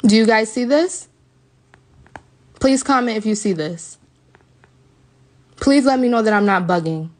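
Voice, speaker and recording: A woman's voice: on the high side, a little slow, long pauses. Upset woman venting into her phone. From United States. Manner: emphatic and repetitive, venting. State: upset and shaken. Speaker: vlogger speaking to her viewers. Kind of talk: emotional live video to followers. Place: hotel room.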